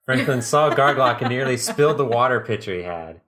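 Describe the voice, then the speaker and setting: A man's voice: mid-range voice, animated, fairly quick, fairly bright tone. A man hosting a podcast, reading a story aloud in a casual way and chuckling between lines. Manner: laughs mid-reading, does voices.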